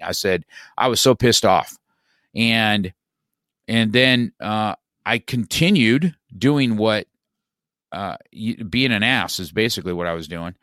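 Middle-aged male guest, low register, dry close sound, loose rambling storyteller. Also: a little slow, fairly bright tone, no room sound. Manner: rambling, many restarts and "you know, man". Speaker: podcast guest. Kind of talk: casual conversational storytelling.

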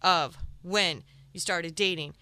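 A woman's voice: fairly low pitch, slow. A woman in her twenties co-hosting a casual podcast chat, joking and repeating herself, hungover. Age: 20s. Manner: animated, repetitive, jokey. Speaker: podcast co-host.

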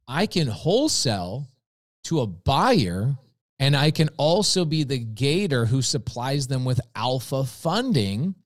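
A man's voice: mid-range voice, expressive, normal speed, dry recording, clean studio sound. A man telling a story as a podcast guest, acting out both sides of imagined conversations with lots of energy. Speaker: podcast guest, real estate investor. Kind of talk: animated storytelling with acted-out dialogue.

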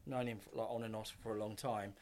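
A man's voice: lowish voice, fairly even intonation, quick pace, darkish tone. A man, a podcast guest telling rambling stories in casual chat, swearing and acting out what others said. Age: 50s. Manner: rambling, swears, acts out quotes.

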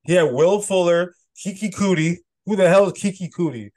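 A man's voice: high-pitched, normal speed, a little mellow. Joking man on a sports podcast. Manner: joking, teasing, laughs often, slangy. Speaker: podcast co-host. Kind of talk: casual sports chat.

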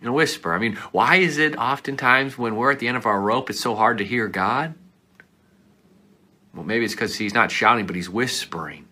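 A male pastor preaching a sermon earnestly, swinging between loud pleading passages and hushed whispers. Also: mid-range voice, moderate pace.

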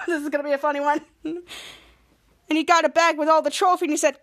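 A woman's voice: sits high, fairly even intonation, fairly quick, pauses often. A woman hosting a podcast, casually recapping a TV episode and acting out the characters' lines as she goes. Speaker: podcast host.

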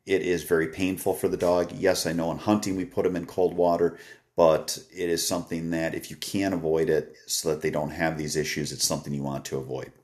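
Deep-voiced man, rambling. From Wisconsin. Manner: relaxed and rambling, frequent "uh" fillers. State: tired, yawning. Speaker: dog trainer hosting a live stream. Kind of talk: casual live-stream chat answering comments.

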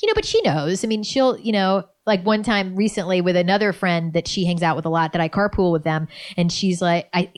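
A woman's voice: lowish voice, brisk, hardly any pauses. A middle-aged woman, a life coach, talking casually and animatedly as an interview guest and laughing easily.

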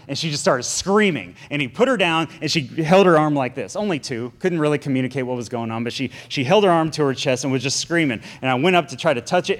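A man in his thirties preaching a casual sermon, telling stories and acting out quotes with a shifting voice. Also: on the high side. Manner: storytelling, animated, acts out quotes with shifting voice.

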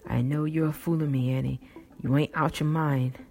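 A woman voicing an obsessed middle-aged whaling captain who speaks in gruff New England dialect, commanding and then pleading. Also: low voice, fairly even intonation, normal speed, darkish tone.

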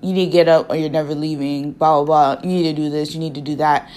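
A woman putting on the voice of a pushy, dismissive female nurse who scolds briskly. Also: sits low, level tone, a little mellow, natural voice. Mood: scolding.

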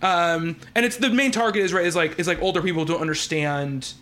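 A man's voice: on the high side, brisk, a bit bright. A man hosting a podcast, telling a story in casual chat with lots of fillers and restarts. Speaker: podcast host.

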